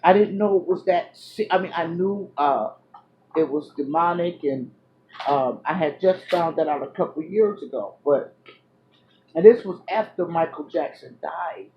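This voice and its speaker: A woman vlogger telling a personal story to her viewers, loud one moment and hushed the next, full of fillers and restarts. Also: deep voice, unhurried, highs cut off, a little hiss or hum. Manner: animated, drifts between loud exclamations and hushed asides; chatty, many fillers and restarts.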